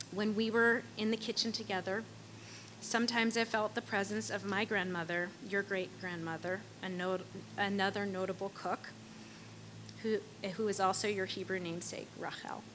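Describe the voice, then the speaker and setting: A woman's voice: medium pitch, a bit bright, a little hiss or hum, poor audio. A woman reading a heartfelt, tender blessing to her child at a coming-of-age ceremony, as a prepared speech. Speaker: parent giving a blessing. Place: ceremony venue.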